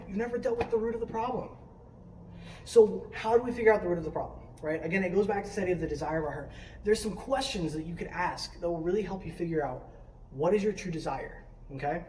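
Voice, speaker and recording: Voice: mid-range voice, darkish tone. A student ministry leader giving a conversational youth sermon in a church sanctuary, asking many questions and often adding "right?". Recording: roomy sound from a distant mic, faint noise.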